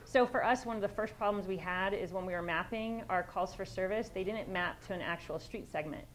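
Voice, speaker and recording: A woman's voice: medium pitch, fairly quick, rough recording. A woman police sergeant giving a conversational conference presentation, direct and plain-spoken, with frequent restarts.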